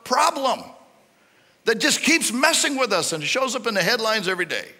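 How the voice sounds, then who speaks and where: A male pastor preaching a sermon with animated, rising and falling emphasis. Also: high-pitched, fast talker. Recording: reverberant hall.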